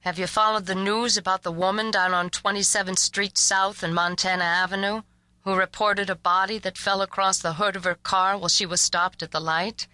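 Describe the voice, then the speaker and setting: A woman narrating an audiobook voices a blunt, matter-of-fact man giving news by phone, in a low-key delivery close to her own voice. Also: level tone, moderate pace, bright, forceful tone, dry recording, close to an everyday voice. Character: laconic man, the caller cousin.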